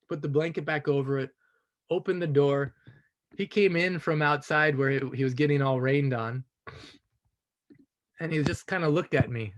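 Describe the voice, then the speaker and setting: A man sharing a personal story on a group call, earnest and reflective, often adding "you know" and soft laughs. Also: a little high. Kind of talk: casual spoken storytelling.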